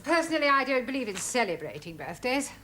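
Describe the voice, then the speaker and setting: A cold, prim middle-aged headmistress with a British accent who speaks formally. Her voice is bright and crisp and her pitch swings widely. Faint noise sits under the old TV sound. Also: very animated, fast talker. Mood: stern. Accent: British English. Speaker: school principal. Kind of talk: 1970s sitcom acting.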